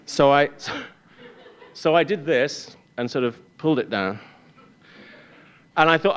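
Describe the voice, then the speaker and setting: An English man telling a wry, self-deprecating personal story on stage before a live audience, with halting restarts. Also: a little high, expressive, fairly bright tone, clear, resonant tone. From England.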